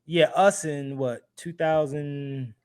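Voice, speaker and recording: A man's voice: on the high side, fairly even intonation, takes it slowly, darkish tone, smooth. A man co-hosting a podcast over a video call, laid-back and rambling, laughing easily in casual chat. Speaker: podcast co-host.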